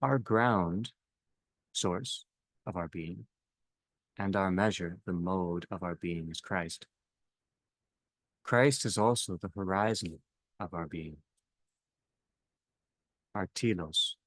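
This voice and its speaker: A man with a very low voice leads a reflective theological talk. He speaks in slow, halting phrases that often fade softly at the end. The sound is dry and close, with no room echo. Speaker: discussion leader.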